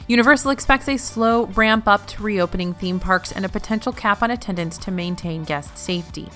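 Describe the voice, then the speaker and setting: A woman's voice: medium pitch, brisk, a bit bright, soft background music. A woman hosting a weekly news roundup, reading in a news-anchor style with playful asides. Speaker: news host.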